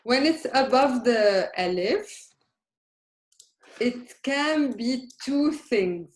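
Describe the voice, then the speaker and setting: A woman's voice: a little high, expressive, very slow. A woman teaching a beginner Arabic lesson, patiently checking that her students follow. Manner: patient, questioning, checks understanding often. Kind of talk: live beginner language lesson. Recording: echoey room.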